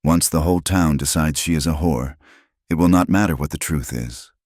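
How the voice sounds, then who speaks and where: Man doing a blunt, worldly saloon-owner woman, pressing and frank, deep voice, dry close sound, storybook reading. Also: moderate pace, a little mellow, no echo. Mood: urgent. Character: sharp-tongued blunt female saloon owner.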